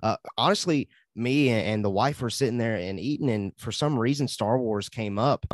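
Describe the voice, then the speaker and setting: A man's voice: mid-range voice, normal speed, dry recording, studio quality. A young adult man co-hosting a podcast, chatting casually and enthusiastically, rambling and laughing often. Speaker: podcast co-host. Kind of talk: casual chat.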